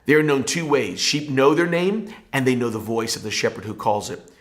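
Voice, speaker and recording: A man's voice: medium pitch, expressive, moderate pace. A male pastor giving a devotional Bible teaching in an earnest, emphatic preaching manner.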